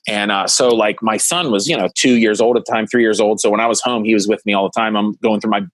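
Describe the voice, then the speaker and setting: A man, a stand-up comedian guest, chatting in an animated, rambling way with lots of restarts. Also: fairly low pitch, quick pace, no room sound. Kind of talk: casual podcast chat.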